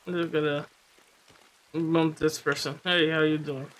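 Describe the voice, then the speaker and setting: Bright, high-voiced teasing streamer man. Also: little pitch movement, low-quality recording. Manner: teasing, bantering, quick to laugh. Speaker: game streamer. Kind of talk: casual gaming chat.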